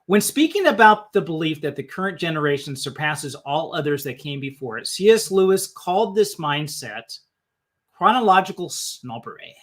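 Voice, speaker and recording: Man, live-stream host, somewhat high voice, musing, restarts sentences. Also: sing-song, normal speed, few pauses.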